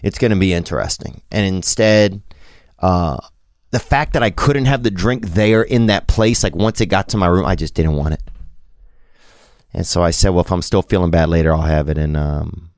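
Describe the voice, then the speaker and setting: A man's voice: sits low, normal speed, a little mellow, no room sound, studio quality. A man in his thirties with a Southern American accent, telling a rambling, self-deprecating story in a casual monologue.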